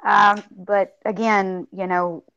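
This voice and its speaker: A woman with a Southern US accent chatting casually, animated and drawling, calling people honey. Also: mid-range voice, slow, no echo. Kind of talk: casual chat. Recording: dry, lo-fi stream audio.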